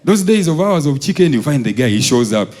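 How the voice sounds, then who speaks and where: A man's voice: big pitch swings, brisk, a little mellow. Ugandan man telling stand-up school stories. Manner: acts out quoted voices, jumping high and dropping low. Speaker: stand-up comedian. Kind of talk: stand-up storytelling. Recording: live show with audience laughter.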